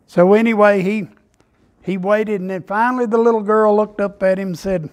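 A man preaches in a high, light voice, spinning homespun jokes and anecdotes into his sermon. His delivery is relaxed and folksy, with casual phrasing. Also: normal speed. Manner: folksy storytelling, Southern phrasing. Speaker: pastor. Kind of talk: sermon with humorous stories.

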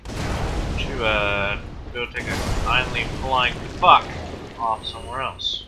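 A man's voice: mid-range voice, steady tone, slow, noisy background. A man giving casual gameplay commentary, swearing often and rambling in exasperation at the game. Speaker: let's play gamer.

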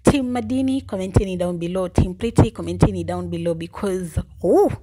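A young woman with a Kenyan accent chatting casually in a vlog, bubbly and quick to laugh, switching between English and Swahili. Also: on the low side, dark tone, faint music behind. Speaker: vlogger.

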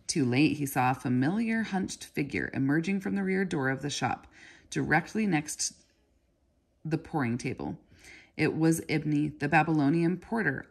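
A woman reading a children's novel aloud in a steady storybook manner. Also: deep voice, vocal fry, husky. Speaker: narrator.

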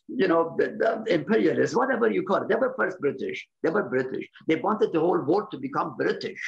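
A man's voice: a little high, expressive, a little fast, gravelly. A man from Iran, explaining politics in a lecturing way, often restarting and checking in with "okay?". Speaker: interviewee, political commentator. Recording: slightly muffled, lo-fi recording.

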